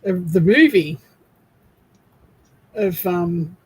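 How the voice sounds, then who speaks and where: A woman's voice: lowish voice, expressive, drawn-out words, husky, low-quality recording. An Australian woman co-hosting a casual craft livestream, chatty and searching aloud for words. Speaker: co-host. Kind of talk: casual chat.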